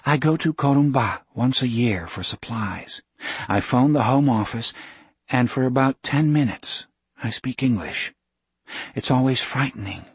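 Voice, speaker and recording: A man reading a soft-spoken woman missionary doctor who talks slowly and weighs every syllable. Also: medium pitch, lively intonation, breathy edge, dry recording, full character voice. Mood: gentle.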